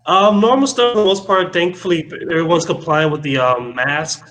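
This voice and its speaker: A man calls in from a hotel room. His voice is bright and a touch high. He answers in an easygoing, brief way. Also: normal speed. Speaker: caller. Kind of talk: casual call-in chat.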